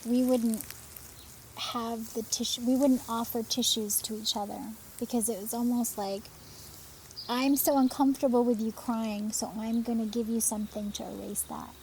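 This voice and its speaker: A woman co-hosting a podcast, telling stories quickly and with animation in reflective conversation. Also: fairly high pitch, steady tone, a little mellow, slight background noise. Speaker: podcast co-host.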